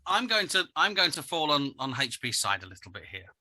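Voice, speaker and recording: A man on a podcast, talking things over in a chatty, opinionated way. His voice is very bright and sharp, and he often restarts his sentences. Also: on the high side, big pitch swings, fairly quick. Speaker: podcast co-host. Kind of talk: casual chat.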